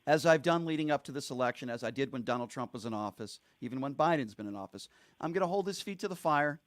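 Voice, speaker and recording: A man's voice: medium pitch, animated, quick pace, no room sound. A man hosting a talk radio call-in show, blunt and combative with callers.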